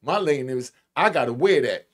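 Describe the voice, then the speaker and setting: A man delivers casual reaction commentary in a blunt, streetwise manner, leaning hard on key words and stretching them out. His voice sits at an ordinary middle pitch. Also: lively intonation. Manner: blunt, emphatic streetwise talk, drawn-out stresses. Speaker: commentator reacting to played clips.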